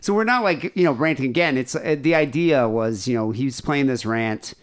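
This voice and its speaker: A man's voice: medium pitch, normal speed, clean tone. A man hosting a call-in podcast, chatting casually and rambling with many fillers and restarts. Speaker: podcast host. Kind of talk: casual call-in show chat.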